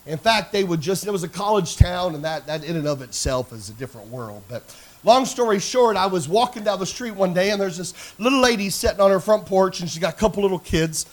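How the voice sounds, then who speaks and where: A male pastor telling a story in a sermon, moving from quiet narration to shouted preaching and calling out to the congregation. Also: sits high, animated, brisk. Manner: calls out to the congregation. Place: church sanctuary.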